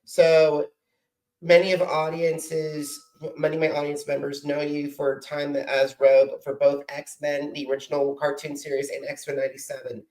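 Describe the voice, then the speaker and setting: A man's voice: on the high side, monotone, moderate pace, a little mellow, poor audio. A man hosting a podcast interview, speaking earnestly and enthusiastically. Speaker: podcast host. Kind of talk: casual interview.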